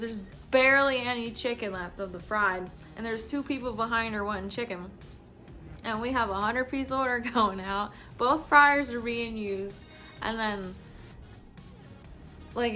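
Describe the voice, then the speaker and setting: A tipsy woman vlogger telling a story in a casual, animated way and swearing freely. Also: a little high.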